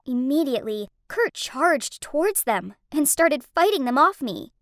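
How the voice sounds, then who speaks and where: A woman tells a first-person animated story with strong emotion. Her voice is high and swings widely in pitch. The recording is dry and close, with no room sound. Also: unhurried, dry recording. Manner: emotional, dramatic. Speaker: narrator.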